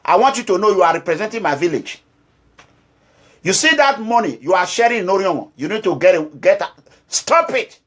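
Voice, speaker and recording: Impassioned high-voiced Nigerian man. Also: lively intonation, brisk, a bit bright. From Nigeria, Edo State. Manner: scolding and pleading, repeats phrases. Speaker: activist leader. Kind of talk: impassioned political address.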